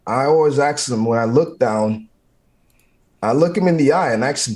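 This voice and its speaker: A man's voice: medium pitch, expressive, moderate pace, darkish tone. Man, firefighter guest, motivational, intense, repetitive punchy phrasing, video call. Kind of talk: motivational interview talk.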